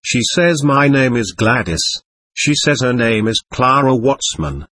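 A man reading aloud the words of a lost, lonely, childlike girl spirit from a séance record, in a plain, steady way. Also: mid-range voice, a little slow, no room sound. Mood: wistful.

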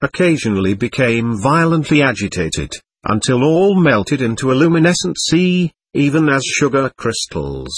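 A man narrating an audiobook in a measured, earnest reading. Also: mid-range voice, husky, no echo. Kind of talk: scripted narration.

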